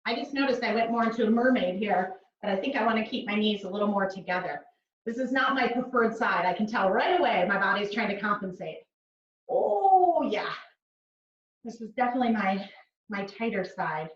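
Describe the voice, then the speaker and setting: Fairly quick and animated, this woman from the Netherlands speaks in a mid-range voice as she teaches pilates on the mat, counting out reps rhythmically between chatty remarks. There's slight background noise, and the audio is distant, roomy and dull.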